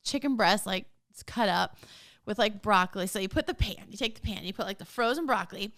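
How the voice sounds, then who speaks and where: A woman's voice: medium pitch, a little fast, a bit bright. A middle-aged woman chatting as an interview guest, bubbly and laughing often as she tells stories. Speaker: guest, dance mom. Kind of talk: casual interview chat.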